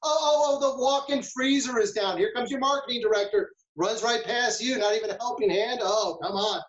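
A man's voice: extremely high pitch, a little fast, a bit bright, reverberant, highs cut off, voice pushed up. A man acting out a frantic, overworked male kitchen manager who keeps crying out about one mishap after another. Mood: frazzled. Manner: panicky exclamations, rattling off mishaps.

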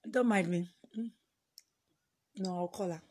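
A woman's voice: fairly low pitch, a little slow, darkish tone, a little hiss or hum. A woman hosting a casual livestream on her phone, telling stories dramatically with sudden exclamations and switching between Yoruba and English. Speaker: livestream host.

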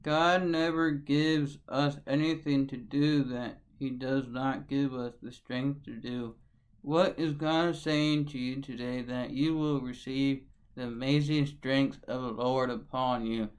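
This devotional host has a steady, medium-pitched voice and a slow pace, though the audio quality is poor. He opens by repeating his catchphrase over and over in sing-song fashion, then moves into an earnest, preacherly scripture reading with blessings.

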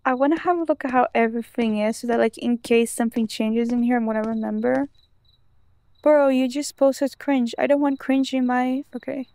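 A woman's voice: on the high side, steady tone, moderate pace, dark tone, clean tone, no echo. A woman chatting nervously to herself as she plays a spooky video game, commenting on each door and noise. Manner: chatty, jumpy, talks to herself. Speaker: gamer. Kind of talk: let's play commentary.

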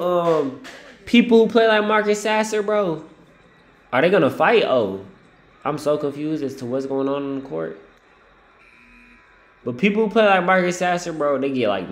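A man's voice: a little high, roomy sound. A man giving casual, slangy live reaction commentary on a basketball game, talking to the players on screen and laughing often. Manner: slangy, says "bro" a lot.

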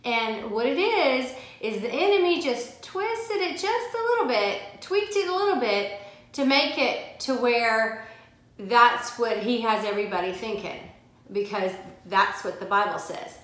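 Woman Bible study teacher, fairly high voice, emphatic and repetitive, very reverberant room. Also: lively intonation, fairly bright tone. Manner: emphatic, repeats key phrases, reads scripture slowly. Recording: very echoey room.

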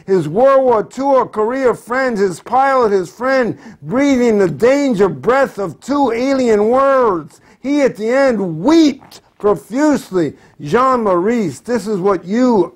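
A male poet reading his own poem aloud at home, with a dramatic, impassioned delivery that breaks into sudden loud outbursts. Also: sits high. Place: poet's home.

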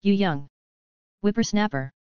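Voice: mid-range voice, a little slow, clean tone, no echo, lightly acted. A narrator putting on a growling, brutish gangster boss. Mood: threatening. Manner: growling, threatening. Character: menacing gangster boss, huge brutish man. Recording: dull, dry sound.

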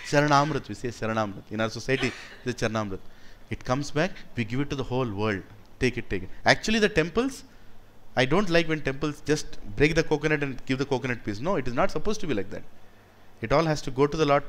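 A man with an Indian English accent giving a devotional talk, telling stories and asking the audience questions. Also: medium pitch. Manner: animated storyteller, asks the audience questions. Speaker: spiritual speaker.

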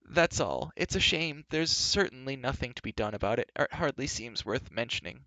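A man's voice: medium pitch, animated, normal speed, no echo, voice pushed up, rough recording. A man putting on a whiny cowardly wizard. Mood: pleading. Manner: wailing, pleading, soft.

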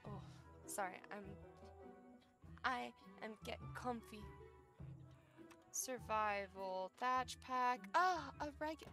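A woman's voice: fairly high pitch, slow, long pauses, sharp tone, faint music behind. A young woman streaming a survival game, chatting playfully with her viewers and talking to herself as she plays. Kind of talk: casual gameplay chat.

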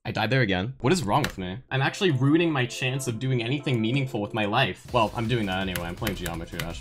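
A young woman streaming a game, talking to her chat, scolding herself and yelling when she fails, with faint game music behind her. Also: very deep voice, expressive, fast, few pauses. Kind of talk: live-stream gameplay commentary.

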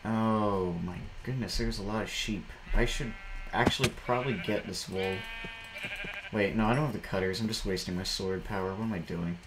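A man's voice: lowish voice, steady tone, moderate pace, background noise. A man giving casual commentary while playing a game, rambling and jumpy, breaking into shrieks when startled. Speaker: gameplay commentator.

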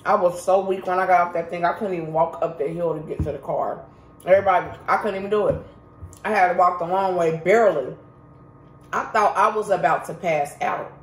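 Talking straight to her viewers, a woman vlogger tells a story in an emphatic, chatty storytime style, speaking a little fast. Her voice is a bit low, and the recording has a roomy echo.

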